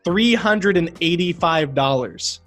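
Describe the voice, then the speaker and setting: A man's voice: a little high, slow pace, soft background music. Rambling man telling a story. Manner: rambling, animated retelling with frequent fillers. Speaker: podcast guest. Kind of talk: casual storytelling.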